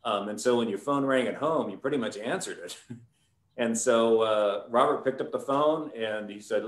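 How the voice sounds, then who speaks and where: A man, a winemaker, telling a long story in a relaxed, rambling way on a live stream, with many fillers. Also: lowish voice, normal speed, roomy sound.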